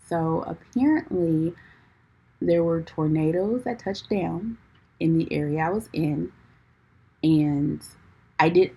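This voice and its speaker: A young woman with a low, gravelly voice tells a story on her podcast. She talks chattily to her listeners, laughing as she goes and filling her sentences with "like". The tone is easygoing and personal. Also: a little mellow, low-quality recording. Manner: chatty, peppered with "like", calls listeners "y'all". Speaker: podcast host. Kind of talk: casual storytelling chat.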